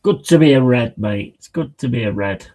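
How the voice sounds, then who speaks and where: A man hosts a live football watch-along, talking in a loose, slangy, excitable way and calling his viewers mate. His voice sits at a middle pitch for a man. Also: moderate pace, low-quality recording. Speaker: football fan streamer.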